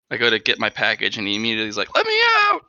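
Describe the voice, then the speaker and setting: Give me an animated man on a call, with a very bright, swinging voice through a dry, lo-fi mic. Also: on the low side, clear, resonant tone, dry recording. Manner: rambling, animated, chatting to his dog. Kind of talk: casual chat on a call. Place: at home.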